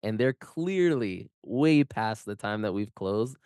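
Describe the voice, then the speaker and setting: Low, smooth-voiced man, measured. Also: lively intonation, darkish tone, no room sound, studio quality. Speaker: podcast guest, fast-food worker. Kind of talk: casual podcast chat.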